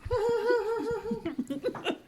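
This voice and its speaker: A woman's voice: very high-pitched, animated, very slow, background noise. A woman co-hosting a podcast in casual chat, laughing often and restarting her sentences. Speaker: podcast co-host.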